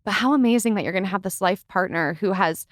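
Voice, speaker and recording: A woman's voice: medium pitch, fast talker, dry recording, clean studio sound. A woman in her twenties hosting a podcast, chatting casually, laughing often and acting out what others said. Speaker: podcast host. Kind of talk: casual interview chat.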